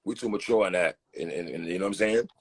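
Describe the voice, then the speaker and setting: A man's voice: low-pitched, fast talker, slightly rough. A man hosting a casual interview, laid-back and agreeable, who laughs along with his guest. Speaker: podcast host.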